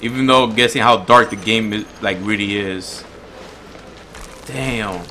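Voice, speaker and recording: A man giving casual let's-play commentary on a horror game, jumpy and swearing, shouting when chased and stumbling when he reads aloud. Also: lowish voice, measured pace, slight background noise. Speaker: gamer playing a horror game.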